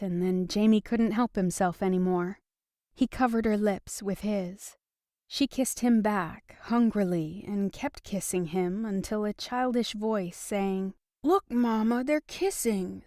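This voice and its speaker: A woman narrating a romance audiobook in an even, steady storytelling manner. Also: medium pitch, unhurried, no room sound, studio quality. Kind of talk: scripted narration.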